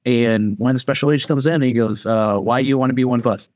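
A man's voice: mid-range voice, fast talker, dry recording, studio quality. A man on a podcast telling a story casually, acting out the voices of the people in it. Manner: animated, acts out quoted voices. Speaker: podcast guest.

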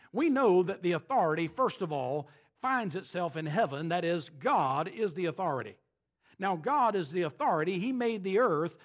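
A man preaching a sermon as pastor, emphatic, pausing for effect and quoting scripture. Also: high voice. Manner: emphatic, preaching with dramatic pauses and quoted scripture.

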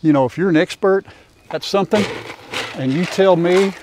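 A man's voice: high voice, a little fast, background noise. An older man, chatting casually in a farm vlog and talking to his animals in a folksy way. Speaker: farmer and vlogger. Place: outdoors on a farm.

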